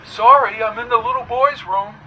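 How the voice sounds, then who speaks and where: A man's voice: very high voice, normal speed, dull audio, slight background noise, voice pushed up. A man reading a story, voicing an evasive older man who speaks with a weak voice.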